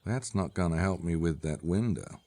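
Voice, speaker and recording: A man playing a gruff adult detective hero in a game, with a dry, laconic delivery. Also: low-pitched, moderate pace, dark tone, no echo. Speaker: game character. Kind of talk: recorded game dialogue.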